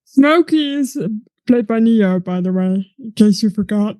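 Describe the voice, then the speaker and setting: A woman's voice: mid-range voice, expressive, measured pace, mellow, clean tone, no room sound. A woman co-hosting a casual film review podcast, giving wry comments on the movie. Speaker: podcast co-host.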